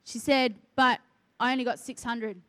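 A woman's voice: fairly high pitch, steady tone, normal speed, sharp tone, no room sound. A middle-aged woman, a ministry worker, telling a faith testimony in earnest conversation and quoting the people she talks about. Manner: earnest storytelling, quotes others.

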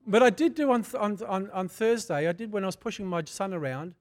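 Fervent older preacher, high voice. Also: male voice, brisk. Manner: fervent, conversational storyteller, gets loud in bursts. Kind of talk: sermon with prayer and personal testimony. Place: church.

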